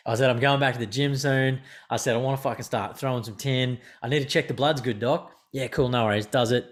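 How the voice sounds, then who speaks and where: Hombre australiano, charla rápida y malhablada. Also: male voice, medium pitch. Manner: swearing, animated storytelling. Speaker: podcast host. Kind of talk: casual chat.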